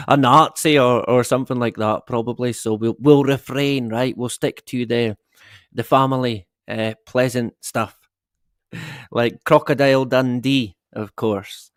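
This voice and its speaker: In clean, dry studio sound, a middle-aged livestream host with a mid-range voice keeps things casual. He rambles, swears, and lets out an occasional chuckle.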